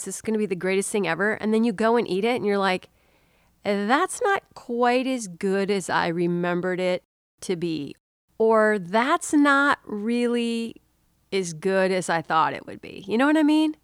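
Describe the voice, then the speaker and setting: A middle-aged woman hosting a podcast, telling a story casually and animatedly, with quick pitch jumps when she quotes people. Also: dry recording, studio quality. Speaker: podcast host.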